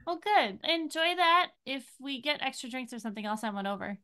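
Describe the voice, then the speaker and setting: Chatty high-voiced woman player. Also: expressive, brisk, pushed and bright, clean tone. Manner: friendly, chatty, in-character. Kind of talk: in-character tabletop game chat.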